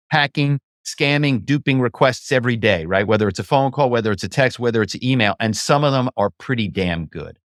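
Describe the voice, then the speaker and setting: A man, a former actor, telling stories as a podcast guest in an animated, chatty way, often saying "you know". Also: lowish voice, no echo, studio quality. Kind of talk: casual interview talk.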